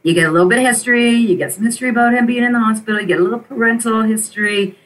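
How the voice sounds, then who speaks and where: A middle-aged woman, an interview guest, telling a personal story in an animated, emotional way and repeating phrases for emphasis. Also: fairly high pitch, racing. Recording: voice a bit distant from the mic.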